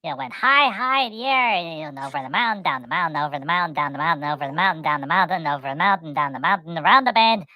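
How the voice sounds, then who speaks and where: A woman's voice: low voice, lively intonation, very fast, few pauses, muffled recording. A woman voicing a cheerful podcast guest who rambles, repeats words and talks about itself in the third person. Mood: chatty. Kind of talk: rambling storytelling chat.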